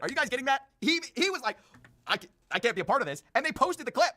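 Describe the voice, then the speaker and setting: An online commentator recapping internet drama in a played video, sarcastic and quick. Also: high voice, lively intonation, pushed and bright.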